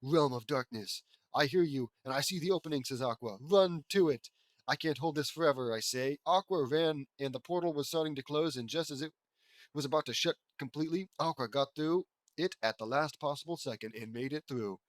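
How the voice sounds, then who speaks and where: A man's voice: a little high, fairly quick, no echo. Sarcastic man reading fan fiction aloud. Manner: mocking, wry commentary between read lines; lifts voice for quoted characters.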